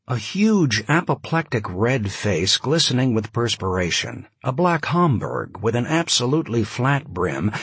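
Male audiobook narrator, lively delivery, husky voice, dry close sound. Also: mid-range voice, no echo. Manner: vivid, expressive storytelling. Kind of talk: scripted narration.

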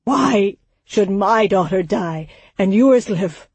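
A woman narrating voices a grief-stricken villager, his words strained and zealous. The delivery stays slow and measured in a dry, close recording. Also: medium pitch, animated, darkish tone, breathy edge, dry recording. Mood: grim. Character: grieving, fanatical village man, loud and strained.

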